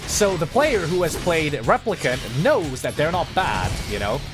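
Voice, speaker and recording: Man, game streamer, rambling, excitable, swears a lot, slightly high voice, faint music behind. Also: unhurried. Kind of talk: casual gaming livestream chat.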